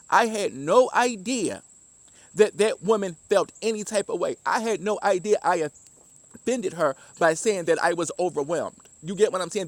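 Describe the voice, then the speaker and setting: A Southern man speaks in a high, earnest voice, giving personal testimony and often restarting his sentences. The sound is dry and close. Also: no room sound. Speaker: former deli worker giving testimony.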